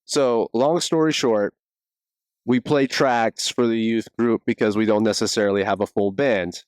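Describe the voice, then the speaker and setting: A young man hosting a casual church podcast as youth pastor, telling stories with lively quoted voices. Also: normal speed, no echo, clean studio sound. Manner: animated storyteller, acts out quotes in high voices. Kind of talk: casual interview chat.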